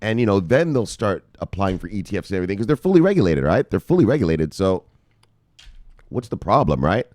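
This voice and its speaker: Host: man, low voice, very lively swings in pitch, dry close sound; casual livestream shout-outs, swears freely. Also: fast talker, no echo. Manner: animated, swears freely, shouts "bang" at each name. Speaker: crypto news show host. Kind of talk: casual live-stream chat reading viewer comments.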